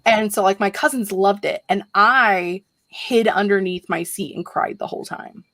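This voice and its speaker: A woman's voice: medium pitch, moderate pace, a bit bright, no echo. A young adult woman chatting casually on a video call, rambling animatedly with lots of fillers. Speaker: livestream host. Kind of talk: casual group video chat.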